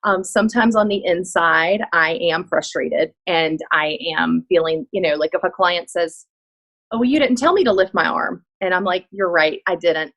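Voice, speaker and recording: A woman's voice: on the low side, normal speed, a bit bright, highs cut off. A woman Pilates instructor chatting as a guest on a video call, earnest and heartfelt, often restarting her sentences. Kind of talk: casual chat on a video call.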